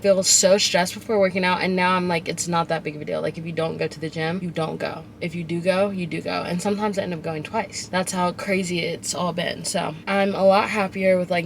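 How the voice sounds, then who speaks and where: A woman's voice: on the low side, slight background noise. A young woman in her twenties chatting casually to her vlog camera, filling her talk with "like.". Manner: chatty, lots of filler "like". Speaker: vlogger.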